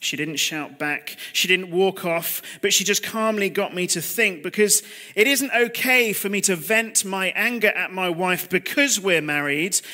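A man's voice: high-pitched, measured pace, pushed and bright. A man in his thirties preaching a conversational, confessional sermon over a video call, with rhetorical questions to his listeners. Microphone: computer mic on a video call.

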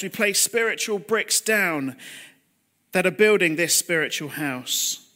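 A man in his thirties gives a sermon over a video call, his voice pitched high. He talks plainly and personally, confessing his own failings and asking his listeners questions. The tone is bright and forward. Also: expressive, unhurried. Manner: confessional, conversational preaching with rhetorical questions. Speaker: preacher. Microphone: computer mic on a video call.

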